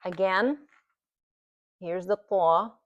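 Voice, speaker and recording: A woman with a somewhat low voice teaches recitation at a board, explaining patiently and repeating each sound for her students. The recording is dry and a little dull. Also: extremely slow, dry recording.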